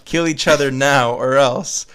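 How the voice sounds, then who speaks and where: An evil female cat warlord who taunts and insults her foes, as a man reads her lines aloud. The voice sits at an ordinary middle pitch. It is read from a comic fan story. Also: fairly even intonation, a little slow, fairly bright tone, clear, resonant tone, close to an everyday voice. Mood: taunting.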